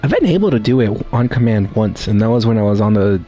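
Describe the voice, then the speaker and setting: A man's voice: fairly low pitch, big pitch swings, fast talker, mellow, highs cut off, soft background music. A man streaming a game, chatting in stammering, laughing asides as he plays. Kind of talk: casual gameplay commentary.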